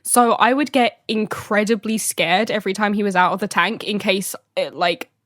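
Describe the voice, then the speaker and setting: A woman's voice: medium pitch, normal speed, fairly bright tone, no room sound, studio quality. A young woman co-hosting a podcast, telling stories in a rambling, giggly way. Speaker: podcast co-host. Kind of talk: casual chat.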